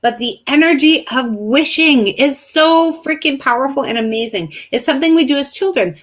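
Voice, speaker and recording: A woman's voice: high voice, animated, normal speed, hardly any pauses. A woman co-hosting a live online chat, upbeat and enthusiastic with casual slang. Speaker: co-host.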